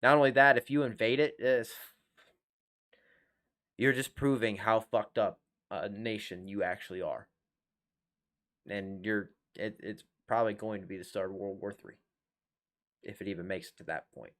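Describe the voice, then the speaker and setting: A man's voice: fairly low pitch, steady tone, normal speed, long pauses, fairly bright tone. A man hosting a live reaction stream, talking bluntly and profanely in a casual rant into a desk microphone at home. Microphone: desk USB microphone.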